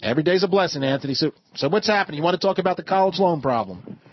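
A man hosting a call-in talk radio show, earnest and quick to cut callers off. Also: fairly high pitch, lively intonation, highs cut off, slight background noise. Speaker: guest radio show host.

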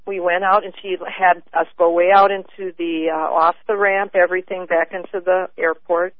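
A woman caller tells her story over a tinny phone line, her voice squeezed thin and narrow. She talks earnestly in halting bursts, often restarting her sentences, and the sound is dry with no room around it. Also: fairly low pitch, level tone, no room sound. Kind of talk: call-in radio chat.

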